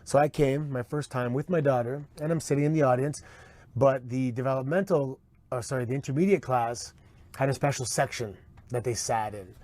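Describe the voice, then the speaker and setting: A man's voice: medium pitch, brisk, no room sound. Man recounting a story in a dry interview. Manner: relaxed, with restarts. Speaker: interview guest. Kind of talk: casual interview.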